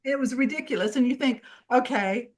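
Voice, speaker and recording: A woman's voice: fairly high pitch, normal speed, a bit bright. A woman co-hosting a podcast, telling stories in casual chat and acting out the voices of people she quotes. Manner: chatty storytelling, acts out quoted voices. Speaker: podcast co-host.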